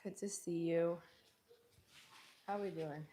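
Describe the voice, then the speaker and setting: A fitness streamer with a warm, fairly low voice speaks slowly and steadily to viewers between sets of her workout. She's out of breath, laughing often, with a runny nose, and a little hiss or hum sits under the recording.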